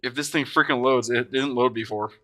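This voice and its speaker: A man with a bright, ringing voice hosts a live stream, chatting casually to viewers by name. His talk is loose and excitable, with frequent swearing. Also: mid-range voice, brisk. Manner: excitable, swears and shouts in bursts; talks to chat viewers by name. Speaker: streamer opening card packs.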